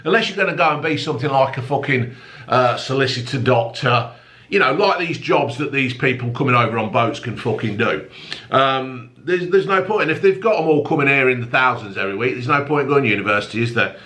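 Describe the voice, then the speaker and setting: A middle-aged man rants through tabloid headlines in a rambling, mocking way, swearing freely. His voice is bright and forceful, and it sits at an ordinary pitch for a man. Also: expressive, brisk. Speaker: comedic news commentator. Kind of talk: rambling profane rant reading tabloid news.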